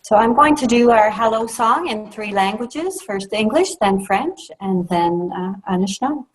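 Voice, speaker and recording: A woman's voice: a little high, lively intonation, unhurried, few pauses, husky, far from the mic, faint music behind, rough recording. A woman facilitator introducing a children's hello song on a video call, in a cheerful sing-song way.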